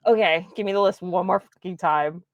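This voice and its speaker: A woman's voice: on the low side, brisk, no echo, lo-fi sound. A woman flustered and swearing, dreading her turn to do a voice on a game stream. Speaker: player. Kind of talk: casual stream chat.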